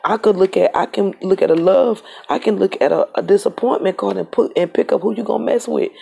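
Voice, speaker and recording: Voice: medium pitch, fairly quick, gravelly, warm tone, breathy edge. A tarot reader giving a casual reading straight to the camera, emphatic and repetitive.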